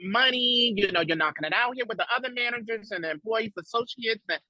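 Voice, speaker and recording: A woman talking warmly and emotionally as a podcast guest, close to tears, her voice leaping high when she imitates others. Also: fast talker, no room sound, muffled recording. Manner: effusive, tearful at times, big pitch leaps when quoting others. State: near tears. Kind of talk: emotional casual chat.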